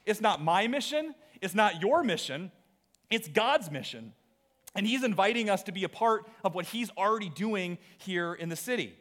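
High-voiced man preaching earnestly. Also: moderate pace. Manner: earnest, animated preaching with repeated phrases. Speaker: pastor. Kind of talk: sermon. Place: church auditorium.

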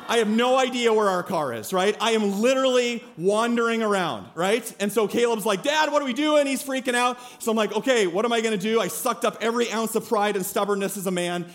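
A man in his thirties preaching a sermon, telling a lively personal story and then speaking quietly and earnestly. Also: high-pitched, a little fast, few pauses. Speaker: pastor.

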